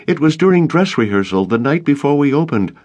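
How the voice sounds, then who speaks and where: A man's voice: on the high side, big pitch swings, fairly quick, a little mellow, pitched above the performer's own voice. A man putting on an insistent, snappish woman. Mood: urgent. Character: sharp, fearful adult woman. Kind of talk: audiobook character reading.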